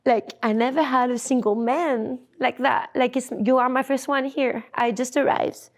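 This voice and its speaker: Young woman, French accent, slightly high voice, candid profane storytelling, laughing asides. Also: steady tone, moderate pace. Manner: frank and profane, laughs often, drops to hushed asides.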